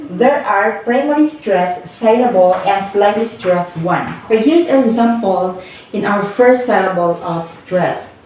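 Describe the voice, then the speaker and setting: Young female student teacher, slow and repetitive delivery, distant mic, heavy room echo. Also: medium pitch, darkish tone. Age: young adult. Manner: explains slowly, repeats words for emphasis. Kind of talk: classroom teaching demonstration. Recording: echoey room from far off, faint noise.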